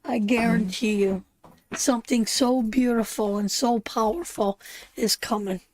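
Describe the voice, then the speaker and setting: A woman's voice: on the high side, fairly even intonation, measured pace, darkish tone. A tearful woman hosting a live tarot stream, chatting affectionately with viewers and calling them darling and sister. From Canada.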